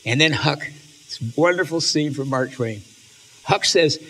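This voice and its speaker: A man giving an animated, emotional lecture on stories, reading passages aloud and often restarting his sentences. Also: mid-range voice, measured pace. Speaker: speaker on literature and faith.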